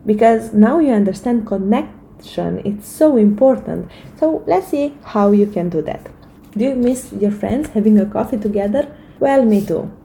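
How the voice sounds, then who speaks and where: A woman's voice: medium pitch, expressive, moderate pace, gravelly, warm tone, a little hiss or hum, poor audio. A woman in her thirties giving an earnest, encouraging motivational talk to camera, with frequent fillers and restarts. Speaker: vlogger giving life advice.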